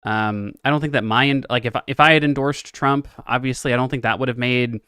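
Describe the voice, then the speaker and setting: A young man from Texas doing casual livestream political commentary, rambling, profane and animated. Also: mid-range voice, brisk, clear, resonant tone, no echo, clean studio sound. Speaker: political streamer.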